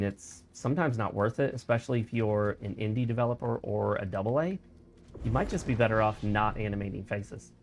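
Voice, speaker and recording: A man talking casually while he streams a video game, explaining mechanics and sharing opinions as he plays. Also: mid-range voice. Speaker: gaming streamer. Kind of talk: casual let's-play commentary.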